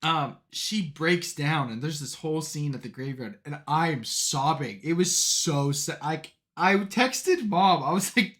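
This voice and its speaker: A young man co-hosting a podcast, chatting casually and telling stories with lots of "like" and "um", animated as he gets into them. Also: a little high, a little slow, few pauses. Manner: rambling, filler-heavy, animated storytelling. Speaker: podcast co-host. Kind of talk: casual chat.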